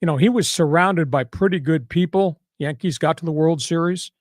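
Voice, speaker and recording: A man hosts a sports talk podcast with a brash, sarcastic edge and punchy delivery. His voice sits a little high. The sound is dry and close, with no room echo. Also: moderate pace.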